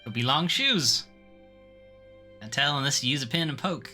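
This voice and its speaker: A man puts on a whimsical stone selkie with a posh Edinburgh accent. He drawls playfully, his pitch swinging widely over a bright tone. Light game music plays behind. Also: expressive, normal speed. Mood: teasing. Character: posh old rock-statue selkie, wry and whimsical. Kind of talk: reading game dialogue aloud.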